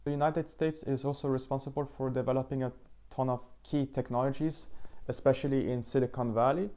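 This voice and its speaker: Guy doing a chill book review vlog, warm mellow voice, kinda halting, stops to find words. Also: medium pitch, fairly even intonation, clean tone. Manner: thoughtful, slightly halting, searching for words. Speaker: book channel host. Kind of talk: casual book review monologue.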